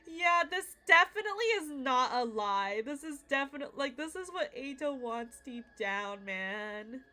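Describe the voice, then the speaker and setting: A woman's voice: high-pitched, a little slow. A young woman streamer giving casual, emotional commentary while playing a video game. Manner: emotional, animated reactions.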